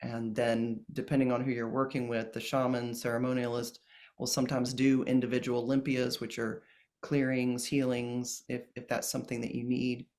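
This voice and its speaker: A man speaking as a guest in a casual interview about ceremonies, gentle and earnest, with many pauses and restarts. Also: mid-range voice, flat delivery. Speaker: plant medicine ceremonialist guest.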